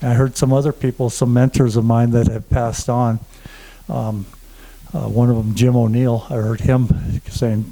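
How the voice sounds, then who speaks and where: Halting man telling his own story. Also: medium pitch, fairly even intonation, dark tone, poor audio. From German family. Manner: halting, many fillers and restarts. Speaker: conference speaker. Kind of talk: personal testimony to an audience. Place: conference room before an audience.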